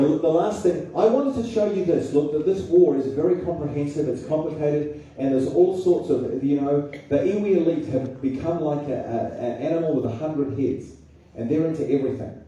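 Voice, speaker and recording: Brisk and fairly high-pitched yet dark in tone, a Kiwi public speaker addresses a political seminar in a public hall. He speaks emphatically and fires rhetorical questions at his audience, and the hall's strong echo leaves him sounding far off.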